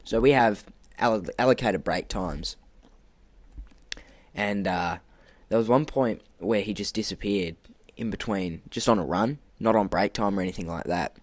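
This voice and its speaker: A young man telling an animated work story on a podcast, acting out quotes and laughing often. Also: lowish voice, moderate pace, no room sound. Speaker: podcast co-host. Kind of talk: casual storytelling.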